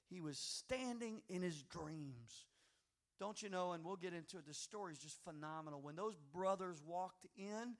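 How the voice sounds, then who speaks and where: High-voiced preacher, soft to fervent. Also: male voice. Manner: storytelling that builds to loud, fervent exhortation. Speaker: pastor. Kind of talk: sermon.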